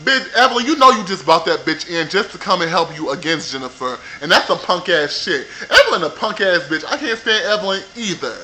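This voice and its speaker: A man with a high, bright voice rants about television, sassy and heavy with profanity. He talks straight into a computer mic in a loose, animated monologue. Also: fairly quick, few pauses, slight background noise, poor audio. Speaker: vlogger reviewing a reality show. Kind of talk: casual ranting review.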